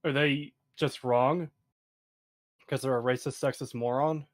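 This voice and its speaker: A man's voice: mid-range voice, fairly even intonation, measured pace. A man co-hosting a stream, casually questioning points in a video. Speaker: stream co-host. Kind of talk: casual chat reacting to a video.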